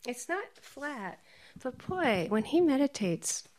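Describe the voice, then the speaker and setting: A woman meditation teacher giving a dharma talk, telling stories, laughing often and dropping into soft whispers. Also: high voice, very animated, slow.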